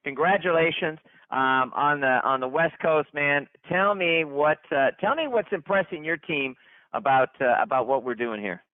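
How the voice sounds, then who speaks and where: A man's voice: fairly high pitch, moderate pace, no room sound. Hyped man on a tinny phone line. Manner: hyped, repetitive, stumbling restarts. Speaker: company leader hosting a conference call. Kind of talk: upbeat conference call shout-outs.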